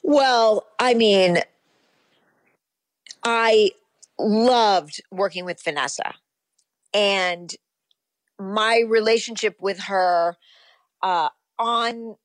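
A woman in her fifties, an actress being interviewed, recalling her past in a relaxed, rambling way full of ums and you-knows. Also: medium pitch, very slow, pauses often, no echo. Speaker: actress guest. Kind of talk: casual interview.

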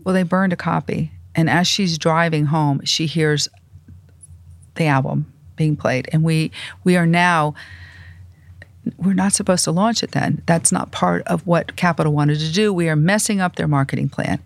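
An older woman in a podcast interview, telling industry stories in a lively way and acting out what others said. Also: low voice, normal speed, creaky, no room sound. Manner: animated anecdotes, acts out quoted voices. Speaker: music industry publicist and manager, guest. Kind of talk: storytelling interview.

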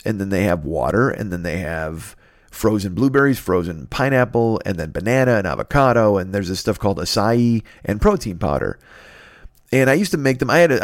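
A man's voice: fairly low pitch, no echo, clean studio sound. Profane, rambling man telling a story. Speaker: podcast host. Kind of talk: casual storytelling monologue.

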